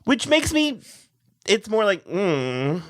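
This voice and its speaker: A man's voice: sits high, big pitch swings, takes it slowly. A man co-hosting a TV recap podcast, chatting casually, rambling, trailing off mid-sentence and laughing often. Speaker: podcast co-host.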